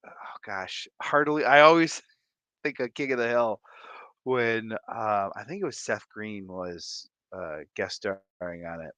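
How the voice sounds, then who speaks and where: A man hosting a casual livestream from home, reading viewer comments with animated, playful, jokey asides. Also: medium pitch, clean tone, dry recording. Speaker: livestream host.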